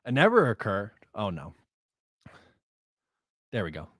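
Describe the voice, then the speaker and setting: A man hosting a live stream, chatting casually and bluntly, excitable and a bit out of breath. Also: fairly low pitch, a little slow, dry recording, studio quality. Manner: excitable, blunt, reacts to chat.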